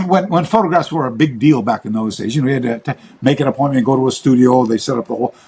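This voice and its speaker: A man's voice: medium pitch, quick pace, darkish tone, slightly rough. A man, a karate teacher and researcher, telling long rambling stories in an interview, often restarting his sentences and acting out the voices of others. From Western. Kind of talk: interview storytelling.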